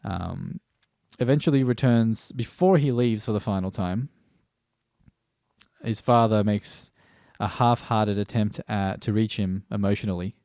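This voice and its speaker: In a low, creaky, slightly mellow voice, an Australian man reviews a TV series at a measured pace. His take is rambling and stream-of-consciousness, with casual swearing and frequent restarts, in a dry, studio-quality recording.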